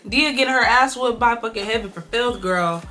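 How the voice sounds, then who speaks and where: Bright-voiced woman gossiping bluntly. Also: a little high, normal speed, soft background music. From California. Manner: blunt, profane, animated gossip. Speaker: beauty vlogger. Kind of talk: casual chatty makeup tutorial.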